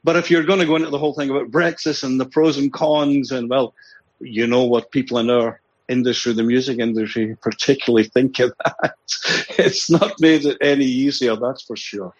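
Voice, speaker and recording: Older Glaswegian musician guest, husky, anecdotal, self-mocking; muffled recording. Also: male voice, medium pitch, fairly even intonation, moderate pace. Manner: rambling, anecdotal, chuckles often, self-deprecating. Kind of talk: casual interview talk.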